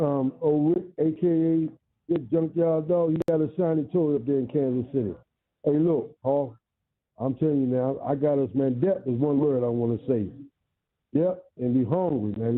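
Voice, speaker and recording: A man calling in to a sports radio show, excited and boastful in a slangy way. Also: on the high side. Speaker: caller. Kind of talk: call-in radio talk. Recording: phone line.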